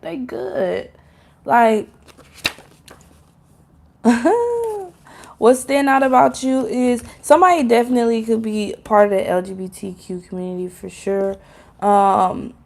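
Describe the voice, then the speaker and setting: A woman reads tarot cards for her viewers in a relaxed, rambling way. Her voice sits a little high and has a gravelly edge of vocal fry. She fills her talk with "like" and "um" and swears now and then. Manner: chatty and loose, with frequent fillers, laughter and casual swearing; talks straight to viewers as "y'all". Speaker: tarot card reader. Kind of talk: casual pick-a-card tarot reading.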